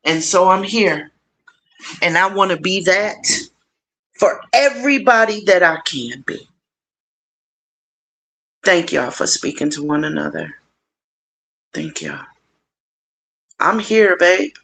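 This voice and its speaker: Slow, bright-voiced woman streamer. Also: creaky. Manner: warm, encouraging, animated with big pitch swings; playful, addresses viewers directly. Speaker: livestream host. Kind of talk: casual livestream chat with viewers.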